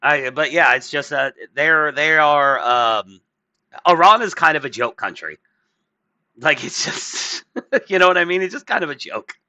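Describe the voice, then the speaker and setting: A man's voice: a little high, expressive, a little slow, sharp tone, dry recording, highs cut off. A man hosting a podcast, rambling in casual political chat, swearing and putting on mocking voices. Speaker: podcast host.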